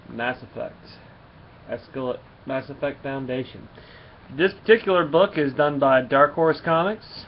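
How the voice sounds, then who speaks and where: A man casually reviewing a comic book and retelling its story in a rambling way, with many fillers. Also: medium pitch. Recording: slightly muffled, faint background hum.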